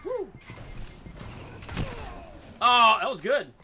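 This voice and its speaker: A man giving goofy, excitable commentary over his own gameplay, swearing in silly made-up phrases. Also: extremely high pitch, very slow, a little hiss or hum.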